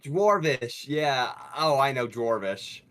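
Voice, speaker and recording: A player in a tabletop game, excitable and playful. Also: medium pitch, slow. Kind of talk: tabletop role-play.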